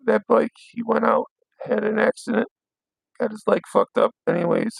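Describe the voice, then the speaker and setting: A hoarse young man hosting a late-night livestream, ranting bluntly with plenty of swearing. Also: sits high, moderate pace, no echo, rough recording. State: hoarse, voice worn out. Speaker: livestream host.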